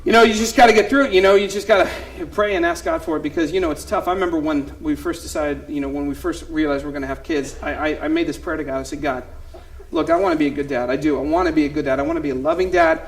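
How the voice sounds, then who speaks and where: A man in his thirties, a youth pastor performing a one-man comedy show on stage, telling stories with big swings from quiet asides to loud exclamations. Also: a little high, expressive, fast. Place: theater stage.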